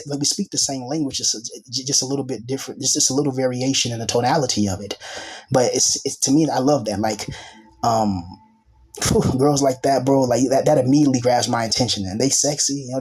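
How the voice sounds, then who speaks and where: A man in a loose, rambling monologue, speaking like an informal preacher who jumps from thought to thought. His voice sits at an ordinary male pitch with a husky, slightly rough texture. He fills the gaps with casual asides and restarts. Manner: rambling, full of "you know" and "bro" asides. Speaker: self-styled teacher and preacher.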